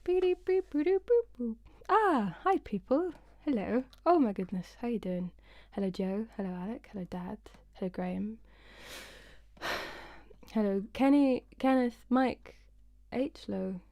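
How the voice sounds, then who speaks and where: Unhurried, chatty young British woman streaming. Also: medium pitch, expressive, gravelly, darkish tone, no echo. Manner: chatty, rambling, self-deprecating, greets viewers by name. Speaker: singer-songwriter hosting her weekly live stream. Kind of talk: casual chat with live chat viewers. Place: home, indoors.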